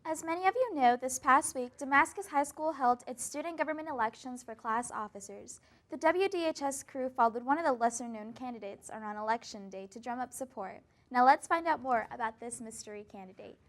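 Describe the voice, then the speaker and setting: High-voiced teen girl news anchor. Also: fairly quick. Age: teens. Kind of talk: school news presenting.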